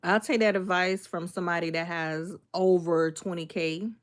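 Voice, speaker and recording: A young Miami woman who makes cooking content is livestreaming, casually reading comments and greeting viewers by name with a relaxed, sassy attitude. Her voice sits fairly low, her intonation stays fairly even, and she talks at a normal speed.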